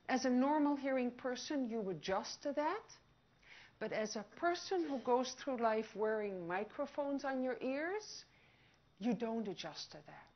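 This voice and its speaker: A woman giving a lively public presentation on hearing. She asks the audience questions and acts out short scenes. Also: a little high. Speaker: audiologist giving a public talk. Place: outdoor picnic gathering. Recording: dull lo-fi recording.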